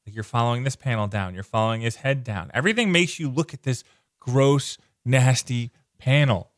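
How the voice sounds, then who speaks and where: A man casually walking through comic book pages, excited and loose, leaning on "like" and repeating himself. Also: mid-range voice, moderate pace, no room sound, clean studio sound. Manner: enthusiastic, loose, repeats words, lots of "like". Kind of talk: casual page-by-page comic commentary.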